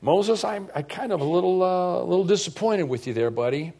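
A man voicing a calm, fatherly male deity who speaks in a folksy, chummy way and scolds gently. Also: sits high, fairly quick, creaky, voice pushed up, exaggerated voice.

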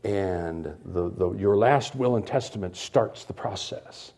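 A middle-aged man preaching a sermon, swinging between loud emphasis and quiet, confiding asides. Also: on the low side, unhurried, creaky. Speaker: pastor.

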